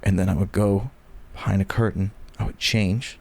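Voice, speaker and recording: A man's voice: sits low, fairly even intonation, normal speed, vocal fry, darkish tone, husky. A man from Virginia, a podcast guest in casual chat, telling self-deprecating stories with mock boasting. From Virginia, United States.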